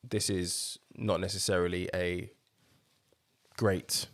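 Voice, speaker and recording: A man co-hosting a podcast, in a conversational, measured chat. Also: low voice, level tone. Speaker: podcast co-host. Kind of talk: casual chat.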